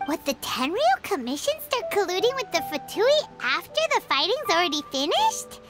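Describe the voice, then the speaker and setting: A woman's voice: very high voice, sing-song, normal speed, over loud music. A woman voicing a tiny, chirpy, nosy fairy companion in a video game who talks about herself in the third person. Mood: curious.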